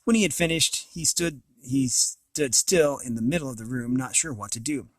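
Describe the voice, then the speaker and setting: A man's voice: mid-range voice, moderate pace, no echo. A man reading a novel aloud, with occasional slips and restarts. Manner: reads with small slips and restarts. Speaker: reader of an audiobook.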